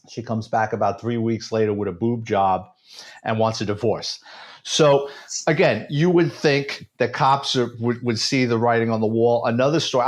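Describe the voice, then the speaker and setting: Sarcastic New York man telling stories. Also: lowish voice. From United States. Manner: sarcastic, animated storyteller. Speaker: retired police detective, guest. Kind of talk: casual storytelling interview.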